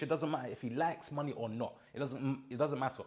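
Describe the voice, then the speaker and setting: A man's voice: medium pitch, fast, a little mellow. A young man giving a casual motivational monologue, emphatic and full of slang, often checking in with his listener. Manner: emphatic, repeats points and checks in with "do you understand?". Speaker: mindset content creator.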